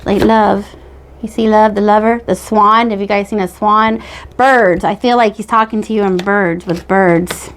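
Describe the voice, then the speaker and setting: A woman's voice: medium pitch, fairly even intonation, unhurried. A woman giving a casual tarot reading. She talks in a chatty, rambling way and keeps checking in with her listeners. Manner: chatty, rambling, frequent "okay?" check-ins. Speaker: tarot reader.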